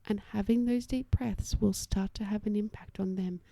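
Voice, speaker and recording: A young woman talks through parenting strategies on her solo podcast. Her voice is deep-toned and mellow with a gravelly edge, and it sounds dry and close. She is chatty and reassuring and often drops to a soft whisper. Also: fairly even intonation, normal speed, no echo. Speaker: occupational therapist podcast host.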